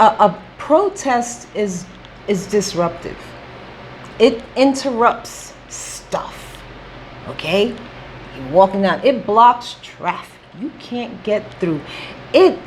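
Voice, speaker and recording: A woman's voice: high voice, slight background noise, poor audio. A woman talking straight to camera in a casual opinion vlog, emphatic and repetitive, checking in with "okay?". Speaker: vlogger.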